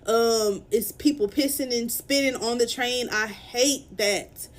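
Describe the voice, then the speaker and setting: Her voice is on the high side and she takes it slowly as she tells a story to her phone's camera. She's a young vlogger from Dallas, Texas, upset and irritated, on the verge of tears.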